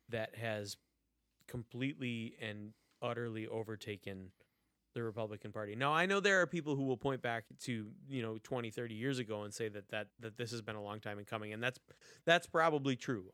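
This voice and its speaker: A man co-hosting a casual podcast, venting with exasperation and lots of swearing. His pitch sits in the middle, and the dry, close sound has no room echo. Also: normal speed, a bit bright. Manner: exasperated ranting with heavy swearing. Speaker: podcast co-host. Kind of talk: casual chat.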